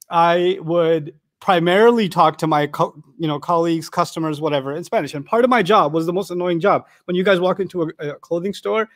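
Give me an animated, joking middle-aged male lecturer with a fairly high voice. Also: no room sound, studio quality. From Pakistan. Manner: animated, humorous, conversational. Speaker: Quran lecturer. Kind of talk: storytelling sermon lecture.

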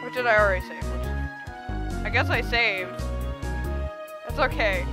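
A woman playing a video game and commenting, excitable and gasping with frequent exclamations. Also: medium pitch, moderate pace, gravelly, long pauses. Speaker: gamer. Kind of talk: let's play commentary. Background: game music.

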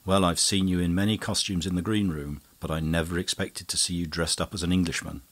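A man's voice: sits low, fairly even intonation, fairly quick. A man voicing an ardent, witty young male poet, with emphatic, ironic retorts. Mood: astonished.

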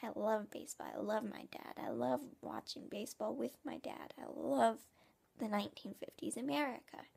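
Woman putting on a wholesome little 50s boy, earnest, husky and gravelly. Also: fairly high pitch, sing-song, moderate pace, a little mellow, in a whisper, full character voice. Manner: earnest, chanting simple declarations. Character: eager wholesome 1950s young boy.

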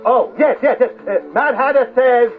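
A man's voice: very high voice, moderate pace. An actor playing the Mad Hatter, a giggly, fussy, scatterbrained man who leads children in a game. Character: giggly eccentric male Mad Hatter hosting games. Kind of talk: theme-park character show with children. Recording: tinny lo-fi recording with faint music.

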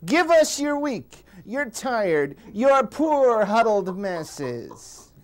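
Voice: mid-range voice, very animated, very slow. A performer playing an earnest liberal professor who gives formal, lecturing speeches in a TV comedy sketch.

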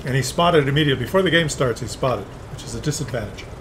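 A man commentating tank game replays, excitable and cheering players on, with loud game sounds underneath. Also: medium pitch, fast, background noise. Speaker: gameplay commentator. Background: tank engines and gunfire from the game.

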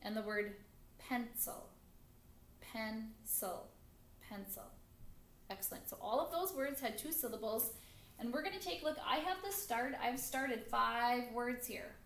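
A second grade teacher giving a phonics lesson to young children, speaking slowly and patiently and repeating each word clearly so they can count along. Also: female voice, fairly high pitch, animated, fairly bright tone. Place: classroom with a screen. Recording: echoey room with faint background noise.

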